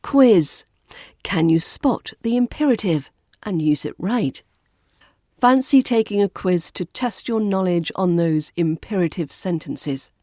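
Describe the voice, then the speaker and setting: A woman with a British RP accent hosting an accent-training podcast, calmly narrating a scripted lesson and voicing example phrases with clear intonation. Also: on the low side, a little slow, no echo, studio quality.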